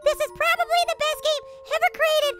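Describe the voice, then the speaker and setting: A woman's voice: very high-pitched, fairly even intonation, brisk, a bit bright, faint music behind. A woman voicing a sweet, bubbly childlike cartoon girl who squeals and giggles over rainbows and unicorns while playing a game. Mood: giddy. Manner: giddy and wide-eyed, squealing "yay" and giggling. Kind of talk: cartoon game let's-play voice.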